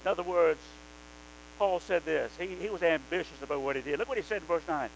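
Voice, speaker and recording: Male preacher, high voice, emphatic sermon delivery, faint mains hum behind. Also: fast talker, gravelly, poor audio. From American South. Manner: fervent, emphatic, rising to loud exhortation.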